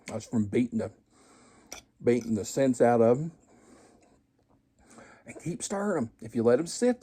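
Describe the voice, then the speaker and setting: A man's voice: medium pitch, mellow, husky. A man hosting a home cooking vlog, tasting his food and chatting casually with folksy, joking asides to viewers. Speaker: home cooking show host.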